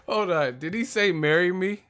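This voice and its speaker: A man with a high-pitched, slightly bright voice hosts a casual live boxing stream. He tells animated stories packed with slang and profanity, laughing often and acting out movie lines.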